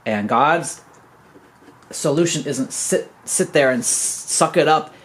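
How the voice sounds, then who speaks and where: A man's voice: fairly high pitch, slow pace, fairly bright tone, poor audio. A man in his fifties, a podcast host, gives an earnest, preachy teaching monologue and keeps calling his listeners "guys". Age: 50s.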